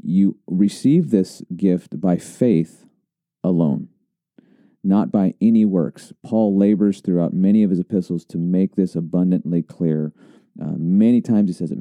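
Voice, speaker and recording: A man's voice: low voice, dark tone, no echo. A man who is a pastor, earnestly explaining doctrine on a teaching podcast with an emphatic tone.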